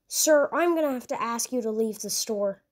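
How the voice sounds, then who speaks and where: A woman playing a squeaky nervous cashier, high voice, stammering, flustered, comedy sketch. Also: lively intonation, moderate pace. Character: nervous squeaky young fast-food cashier, easily flustered.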